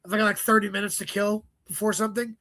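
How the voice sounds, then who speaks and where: A man, a stand-up comedian, chatting as an interview guest, telling stories quickly with swearing and joking asides. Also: sits high, little pitch movement, bright, forceful tone, slight background noise. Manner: profane, rapid storytelling with joking asides. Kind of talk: casual interview chat.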